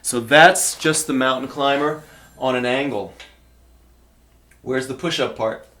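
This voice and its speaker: A man's voice: mid-range voice, measured pace, bright, forceful tone, a little hiss or hum. A male fitness trainer demonstrating exercises, encouraging beginners and counting reps aloud while getting out of breath.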